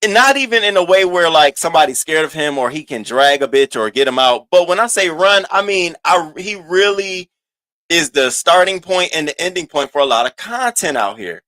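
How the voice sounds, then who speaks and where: A man hosting a casual gossip commentary, animated and profane, swinging between loud outbursts and low asides. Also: no echo. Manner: sassy, drawn-out emphasis. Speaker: host of a commentary channel.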